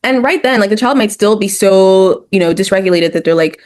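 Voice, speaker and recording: A woman's voice: mid-range voice, fairly quick, darkish tone. A woman with a mid-range voice talks through emotional health in an explanatory way. She lays out her ideas in numbered points and drops into short quoted voices to illustrate them. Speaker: therapist guest. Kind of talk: educational discussion.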